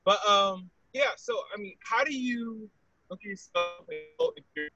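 A man asking a question in an online Bible study, halting as he searches for words, over choppy call audio. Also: high-pitched, muffled recording, music in the background. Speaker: study group participant. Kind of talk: casual group question.

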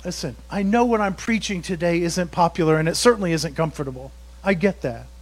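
Pastor, male, high-pitched, preaching with slow dramatic emphasis and chuckles. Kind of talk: sermon.

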